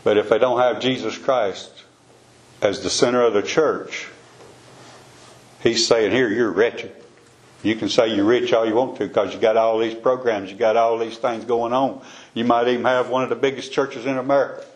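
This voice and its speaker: A man's voice: mid-range voice, fairly even intonation, normal speed, dull audio. A man teaching a casual Bible study in a folksy, conversational way, often repeating himself.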